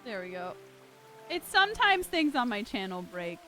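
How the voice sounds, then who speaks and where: A young woman streaming a video game live, chatting casually to her viewers with excitable, loud outbursts. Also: fairly high pitch, moderate pace. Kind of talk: casual live-stream chat while gaming. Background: game music.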